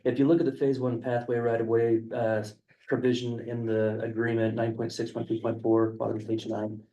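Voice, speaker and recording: Man, gravelly, dark, flat delivery, hesitant, meeting room, far from the mic. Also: mid-range voice, fairly quick, lo-fi sound, slight background noise. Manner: hesitant, with many fillers. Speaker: county planning staff presenter. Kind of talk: explaining a proposal in a work session.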